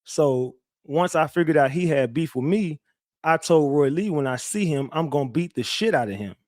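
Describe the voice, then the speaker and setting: A man hosting a livestream, animated and profane as he retells a court hearing with lots of restarts. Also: fairly high pitch, moderate pace, no room sound, clean studio sound. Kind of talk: casual livestream storytelling.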